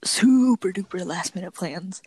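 A woman's voice: fairly low pitch, measured pace, a little mellow, slight background noise, rough recording. A young woman co-hosting a podcast in casual chat, rambling with lots of fillers and giggles. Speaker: podcast co-host.

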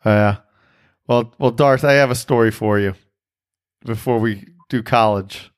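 A man's voice: medium pitch, a little slow, smooth. A man hosting a podcast in casual chat, telling a rambling, profane story with self-mocking laughs. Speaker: podcast host.

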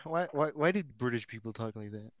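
A man's voice: mid-range voice, expressive, a little fast, no echo, muffled recording. Young guy co-host, casual, short joking interjections, mid-range voice. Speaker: podcast co-host. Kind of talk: casual chat.

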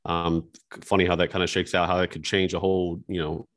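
A low-voiced man from West Virginia talking casually on a podcast. He rambles with lots of fillers. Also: little pitch movement, brisk. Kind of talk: casual chat.

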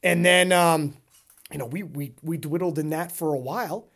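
A man co-hosting a casual podcast, talking in a rambling, animated way and laughing often. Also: a little high, moderate pace. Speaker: podcast co-host.

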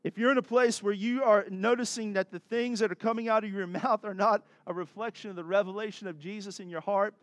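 A man's voice: high voice, fairly even intonation, fairly quick, few pauses, dry recording. A man preaching a sermon as a pastor, earnest and exhorting, breaking into laughs and asides.

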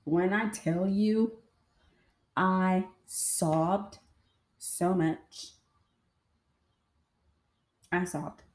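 Chatty woman telling stories, lowish mellow voice. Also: fairly even intonation, drawn-out words, pauses often. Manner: chatty, addresses listeners directly. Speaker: podcast host. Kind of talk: casual storytelling. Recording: roomy echo.

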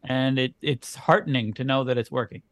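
A man's voice: mid-range voice, fairly even intonation, brisk, no echo. A man co-hosting a comedy podcast, playing a dry, wry straight man who goes along with his partner's jokes. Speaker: podcast co-host. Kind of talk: comedy chat.

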